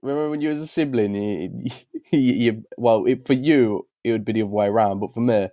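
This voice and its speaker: A man's voice: mid-range voice, brisk, mellow, no room sound. A young man co-hosting a podcast, joking and laughing in casual chat. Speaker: podcast co-host.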